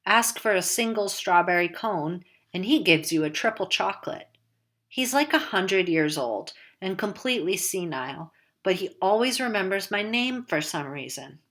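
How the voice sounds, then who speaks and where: A woman's voice: medium pitch, animated, moderate pace, a bit bright. A woman reading a first-person novel aloud in a casual, wry, conversational way. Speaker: audiobook narrator.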